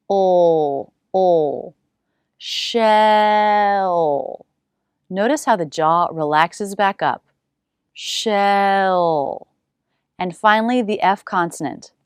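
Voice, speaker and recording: A woman teaching English pronunciation, saying single sounds and words slowly with exaggerated care. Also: mid-range voice, lively intonation, no echo, clean studio sound.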